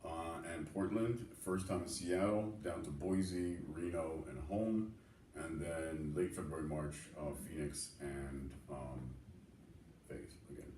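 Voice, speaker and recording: A man who is a comedian, a guest on a talk show, energetic and salty-mouthed as he chats. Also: very deep voice, a little slow, a little hiss or hum. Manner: energetic and swearing, running through tour plans. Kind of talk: casual interview chat. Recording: echoey room, voice from a distance.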